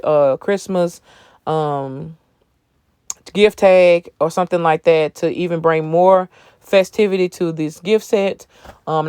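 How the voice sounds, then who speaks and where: A man's voice: on the high side, a little mellow, clear, resonant tone, dry recording, clean studio sound. Sleepy, chatty man doing a phone voiceover. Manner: chatty, folksy, addresses viewers as y'all. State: sleepy, yawning. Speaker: craft channel host. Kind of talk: casual tutorial voiceover.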